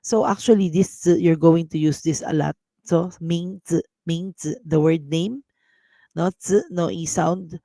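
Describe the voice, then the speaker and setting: A woman with a Filipino accent teaching a casual language lesson, drilling words slowly and mixing English with Tagalog. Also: lowish voice, dark tone, no room sound. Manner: clears throat often.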